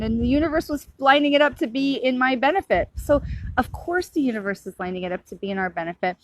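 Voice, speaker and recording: A woman's voice: high-pitched, quick pace, no room sound. A middle-aged woman, a psychic medium, talking casually and earnestly in a rambling, reassuring way about spiritual matters. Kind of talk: casual spiritual talk to camera.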